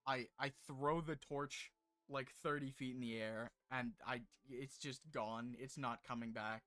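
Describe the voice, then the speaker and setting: Male tabletop player, mid pitch, animated and stammering, dry sound. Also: measured pace, no echo. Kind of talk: casual tabletop game chat.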